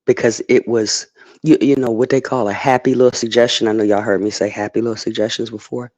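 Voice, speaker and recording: A man's voice: medium pitch, little pitch movement, fast talker, a little mellow, dry recording. A man streaming an unscripted rant, emphatic and profane, who keeps checking in with "okay?". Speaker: streamer giving commentary.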